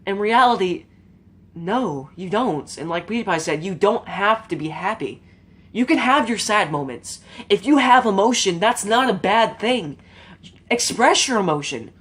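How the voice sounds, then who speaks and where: Speaking to her viewers, this YouTube commentator rambles earnestly through her opinions in an informal, emotional way, with frequent fillers and mild cursing. Her medium-pitched voice is bright, slightly rough, unhurried, and lively in intonation.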